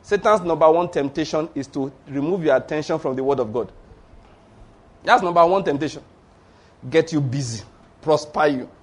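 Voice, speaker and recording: A man preaching a sermon, animated and acting out the voices of people in his stories. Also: on the high side, moderate pace, pauses often. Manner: animated, acts out voices of Satan and church members.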